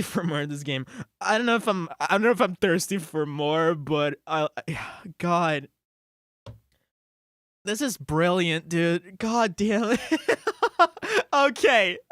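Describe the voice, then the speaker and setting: Excitable, emotional game streamer, dry sound. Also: medium pitch, dry recording. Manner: excitable and emotional, swears often, laughs between words; thinks aloud with restarts and "like". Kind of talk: live-stream gameplay commentary.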